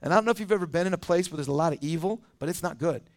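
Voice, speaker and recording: High-voiced pastor preaching casually. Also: male voice, very fast. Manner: conversational preaching, acts out quoted voices. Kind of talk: sermon.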